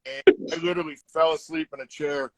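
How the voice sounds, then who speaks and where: Fast and on the high side, this middle-aged former hockey player rattles off casual stories in an interview, animated and performing each quote. A crowd sits in the background of the low-quality recording.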